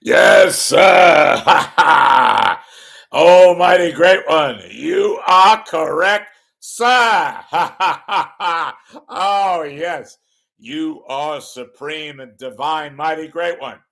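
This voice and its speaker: A man voicing a fawning male TV sidekick announcer who shouts praise and laughs loudly. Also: fairly high pitch, extremely slow, gravelly, pitched above the performer's own voice, full character voice. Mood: fawning, booming.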